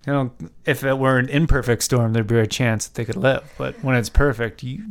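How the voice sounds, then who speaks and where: A man's voice: mid-range voice, steady tone, brisk, clear, resonant tone. A man co-hosting a casual podcast, easygoing, with a dry sense of humor. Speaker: podcast co-host.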